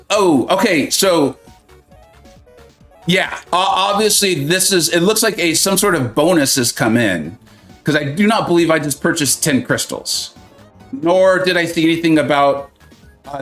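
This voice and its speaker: A man with a somewhat high voice hosts a live gaming stream, chatting loosely with viewers and reading their comments aloud. He jokes and laughs easily as he goes. Faint music runs in the background. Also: lively intonation, moderate pace, fairly bright tone. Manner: chatty, joking, reads chat aloud, frequent laughs. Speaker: mobile game streamer.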